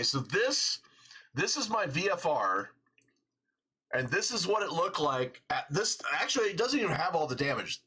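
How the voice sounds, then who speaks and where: A man in a casual chat, telling a long story in an animated way, laughing often and swearing freely, with a husky voice. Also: fairly high pitch.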